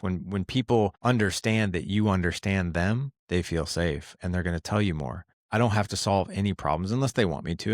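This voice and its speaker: Male podcast guest, lower voice, earnest and animated, dry close mic. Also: dry recording. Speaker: podcast guest, dad coach. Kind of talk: casual interview talk.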